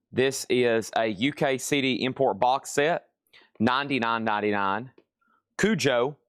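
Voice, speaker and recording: A man's voice: mid-range voice, a bit bright, dry recording, clean studio sound. Man rattling off items and prices. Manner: brisk item-and-price listing, chatty asides. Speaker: live sale host. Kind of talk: live-stream sales patter. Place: record shop.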